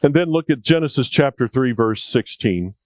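A man's voice: medium pitch, expressive, normal speed, darkish tone, dry recording. A male preacher delivering a sermon in a conversational, jokey way, repeating key points for emphasis.

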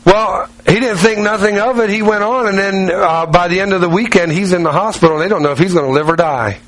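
A middle-aged man preaching a sermon with a slightly high voice. He talks conversationally, repeating phrases for emphasis and asking his listeners direct questions as he works through his anecdotes. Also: quick pace, fairly bright tone, rough recording. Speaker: pastor.

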